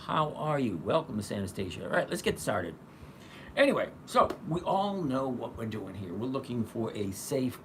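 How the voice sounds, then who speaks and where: A man's voice: lowish voice, background noise. A man hosting a casual live stream, chatty and greeting viewers by name as they join. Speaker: livestream host.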